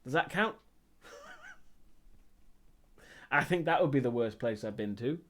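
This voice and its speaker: A man's voice: on the high side, wildly swooping pitch, slow pace. A man streaming live and chatting casually as he answers viewer questions, rambling and hesitant, with many ums and restarts.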